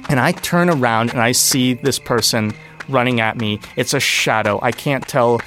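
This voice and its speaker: A man's voice: mid-range voice, moderate pace, a bit bright, faint music behind. A man telling a personal story on a radio show, laughing now and then and acting out the voices of people in it.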